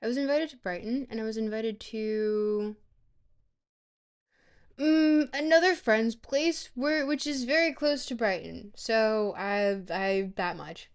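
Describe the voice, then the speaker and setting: A woman's voice: medium pitch, clear, resonant tone. Rambling, playful young woman streamer. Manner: rambling and playful, with sudden excited squeals. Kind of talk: live-stream game commentary.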